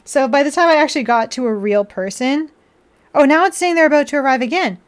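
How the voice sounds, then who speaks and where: A woman's voice: high voice, fast. Chatty woman streaming from home. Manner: chatty, laughs often, acts out her own frustrated retorts. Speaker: streamer building a model kit. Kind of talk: casual live-stream chat. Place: indoors at home.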